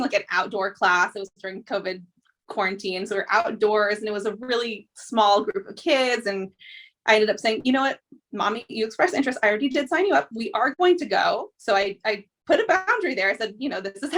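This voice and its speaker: A woman hosting a podcast, talking in a relaxed, reflective way with many pauses and fillers. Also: mid-range voice. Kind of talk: casual conversation.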